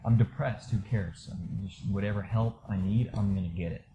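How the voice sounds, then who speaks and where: A man candidly telling a personal story in a casual, rambling way, full of fillers, going quiet at the low moments. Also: a little fast, background noise. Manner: candid, rambling, many fillers, drops soft when reliving low moments. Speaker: storyteller sharing a personal experience.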